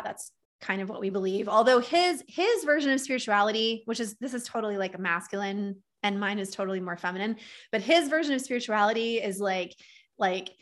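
A woman in her thirties speaks as a podcast guest in a loose, candid way, often saying "like" and "um". Her voice sits at an ordinary middle pitch for a woman. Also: fairly quick. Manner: frequent "like" and "um" fillers, candid and animated. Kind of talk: casual conversational storytelling.

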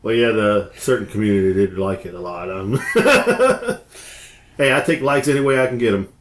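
A man's voice: lowish voice, animated, normal speed. A man co-hosting a casual podcast, joking crudely and laughing often. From Hispanic heritage. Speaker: podcast co-host. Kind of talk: casual banter.

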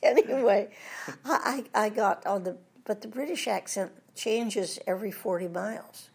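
An older American woman with a gravelly, slightly husky voice tells stories from her career in a relaxed interview. She is animated and quick to laugh, rolling one anecdote into the next. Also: medium pitch. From United States. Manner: lively anecdotal storyteller, laughs often at her own stories. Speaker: guest, veteran voice actress. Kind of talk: casual interview storytelling.

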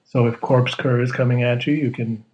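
A man's voice: medium pitch, steady tone, moderate pace, darkish tone, dull audio. A man co-hosting a casual podcast, laid-back and jokey, explaining rules at length. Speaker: podcast co-host.

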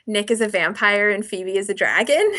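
A woman's voice: medium pitch, lively intonation, normal speed, bright, forceful tone. A woman author chatting as a podcast guest, enthusiastic and rambling with many fillers. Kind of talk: casual interview chat.

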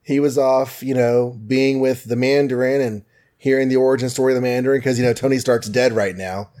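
A man co-hosting a podcast, casually recapping an old comic book with jokes and quick quoted voices. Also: mid-range voice, fairly even intonation, a little mellow. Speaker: podcast co-host.

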